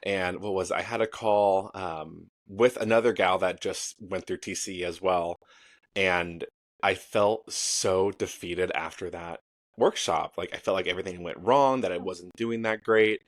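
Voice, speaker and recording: A man's voice: deep voice, measured pace, dry recording, clean studio sound. A man hosting a podcast interview, talking casually and searching for his words. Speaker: podcast host.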